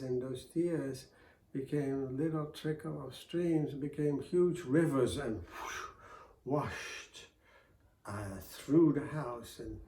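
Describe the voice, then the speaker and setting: A man telling a folk tale in a soft-spoken, unhurried way, dropping his voice for the characters' lines. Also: mid-range voice. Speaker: storyteller. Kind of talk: oral folk tale storytelling. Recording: roomy, distant mic with faint ambience.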